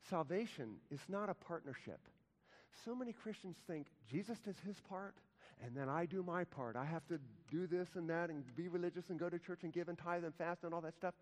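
A man preaching a sermon as a pastor, swinging between loud emphatic lines and hushed, slow passages. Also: on the high side, expressive, big-room sound.

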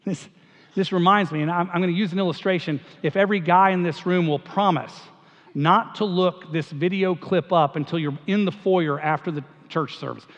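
A man preaching a sermon as a pastor, telling stories with animated energy and often repeating words as he goes. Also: high-pitched. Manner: animated storytelling, acts out quotes, repeats words. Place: church sanctuary. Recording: dull sound with long hall reverb.

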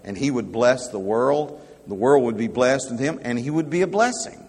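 A pastor preaching a sermon, slow and emphatic, dropping to a hush and then rising loud to make his points. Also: medium pitch, animated, husky. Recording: long hall reverb.

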